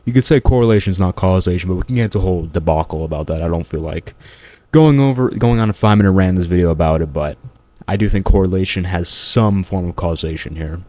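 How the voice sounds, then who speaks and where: Blunt, low-voiced man arguing his point. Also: fast talker, warm tone, no echo. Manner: blunt, argumentative, dismissive. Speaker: commentary channel host. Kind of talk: reaction commentary.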